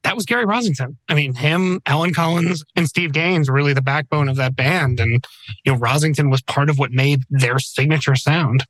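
A man's voice: fairly high pitch, brisk, fairly bright tone, no echo. A man in his forties co-hosting a podcast in casual chat, wry and teasing. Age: 40s. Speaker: podcast co-host.

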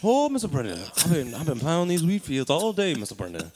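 A man's voice: a little high, huge pitch swings, fast talker, a loud crowd. A man voicing a weary old field hand who drawls and groans about his back. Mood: groaning.

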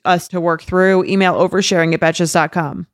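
A woman co-hosting a casual talk show, easygoing and quick to agree. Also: lowish voice, steady tone, dry recording, clean studio sound. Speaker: podcast co-host. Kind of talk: casual chat.

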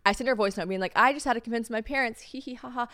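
A young adult woman from Tennessee hosts a podcast, telling a story in casual, chatty fashion that's profane and self-mocking, acting out the voices she quotes. Her voice is fairly high, rapid-fire, bright and forceful, with clean studio sound and no room sound.

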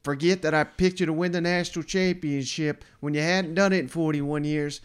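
A man's voice: on the high side, fairly even intonation, brisk, smooth. A man hosting a sports podcast, chatting casually and poking fun at his own bad predictions. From Southern United States. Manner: self-mocking, conversational. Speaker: podcast host.

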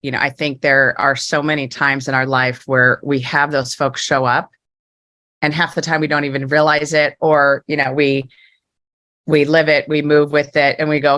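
A woman's voice: sits low, flat delivery, moderate pace, fairly bright tone. A woman hosting a podcast interview, reflecting aloud and rambling with many fillers before she asks her questions. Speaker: podcast host. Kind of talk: casual interview chat.

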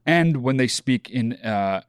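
A man co-hosting a podcast, calm and wry, dropping deadpan teasing remarks between steady advice. His voice sits in a middle pitch, recorded close and dry on a studio microphone. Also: a little slow, smooth, no echo. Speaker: podcast co-host. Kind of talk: casual chat.

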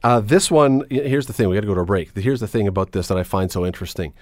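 A man's voice: lowish voice, a little mellow, no echo, clean studio sound. A middle-aged man hosting a radio talk show, opinionated and joking in casual banter. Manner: opinionated, wry, quick to joke. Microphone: studio microphone.

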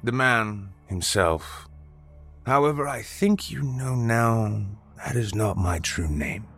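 A man booming as an ancient, imperious god. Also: expressive, a bit bright, husky, faint music behind, exaggerated voice. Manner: slow, grand, booming pronouncements.

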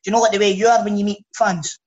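A Scottish man telling sweary, animated stories in a casual podcast chat. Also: high voice, quick pace, lo-fi sound.

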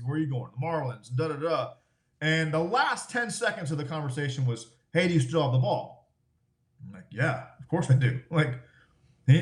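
A middle-aged man spins loose, swear-laden stories with a laugh never far away. His voice sits a touch high, and the room around him rings with echo. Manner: swears freely, animated and laughing. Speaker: guest, former ballplayer. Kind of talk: casual storytelling, profane.

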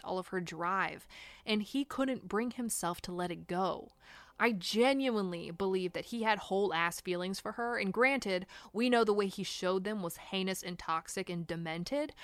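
A woman's voice: medium pitch, a bit bright, no room sound. A woman hosting a true crime podcast, reading a scripted account in a blunt, indignant way and swearing for emphasis.

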